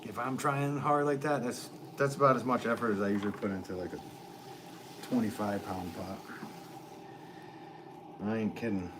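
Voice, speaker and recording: A potter chats casually on a livestream from his pottery studio, where running fans make a clear noise behind his voice. He speaks at a normal pace in a lowish, fairly even voice, pausing often and rambling with plenty of ums and restarts.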